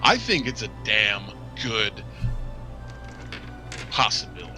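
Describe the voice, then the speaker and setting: A man at a tabletop game, gruff and intimidating as his character. His voice sits fairly low. Background music is clearly audible. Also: sing-song, slow. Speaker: player.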